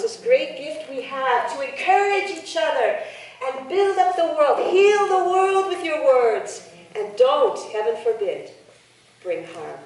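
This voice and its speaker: A woman telling a folk tale to a live audience, playful and lively, bantering with listeners. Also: high voice. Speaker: storyteller. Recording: echoey hall from far off.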